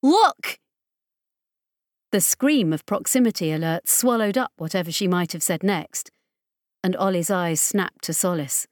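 A woman narrating an audiobook in a measured, dramatic reading. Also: fairly low pitch, no echo, clean studio sound. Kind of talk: scripted narration.

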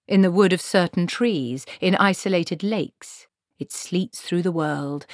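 Woman reading a fantasy book out loud, lowish voice, steady, dry close sound. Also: no echo. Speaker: audiobook narrator. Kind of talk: scripted fantasy narration.

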